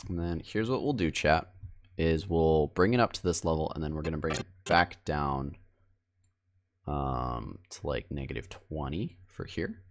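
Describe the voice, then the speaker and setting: A man's voice: a bass voice, unhurried. A male streamer editing video live, chatting casually and self-deprecatingly with his viewers. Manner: rambling and self-deprecating, talks straight to chat.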